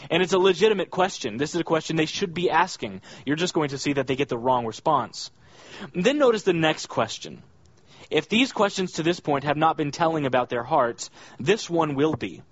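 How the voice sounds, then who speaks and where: A man's voice: lively intonation, a little fast, no room sound. A man preaching an expository sermon, earnest and emphatic, reading scripture aloud and stressing key words. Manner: earnest, emphatic, rises high when voicing the villagers' questions. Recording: dull dry lo-fi sound.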